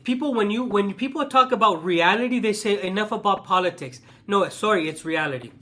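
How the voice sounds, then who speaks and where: A man's voice: high voice, lively intonation, brisk, sharp tone. A man hosting his own channel, talking in a passionate monologue that repeats itself and restarts often. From the West. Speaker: channel host. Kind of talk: ranting vlog monologue.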